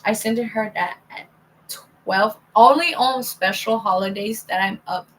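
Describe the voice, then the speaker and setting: A woman's voice: mid-range voice, a little slow, slight background noise, poor audio. A young woman telling a rambling, casual story to her viewers, reading out old text messages with many restarts. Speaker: vlogger.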